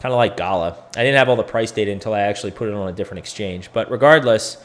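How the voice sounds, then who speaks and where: A man's voice: lowish voice, very fast, slight background noise. A man hosting a crypto education video, talking through charts in a loose, profane, thinking-aloud way. He sounds tired. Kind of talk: casual chart analysis video.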